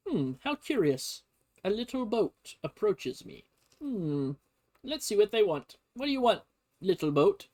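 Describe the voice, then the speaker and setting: A man's voice: sits high, very animated, measured pace, darkish tone, pitched above the performer's own voice. A man voicing a blustering male naval commodore in a casual, exaggerated manner. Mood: curious. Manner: exaggerated, cursing and indignant.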